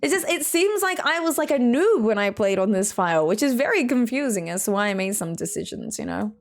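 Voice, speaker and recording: A woman casually chatting as a game streamer, playful and teasing and quick to laugh. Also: fairly high pitch, very animated. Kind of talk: casual live-stream commentary.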